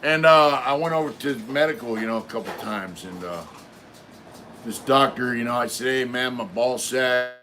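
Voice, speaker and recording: A man's voice: medium pitch, normal speed. A middle-aged man hosting a live stream, telling a long story casually with lots of fillers and swearing. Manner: rambling, profane, many fillers.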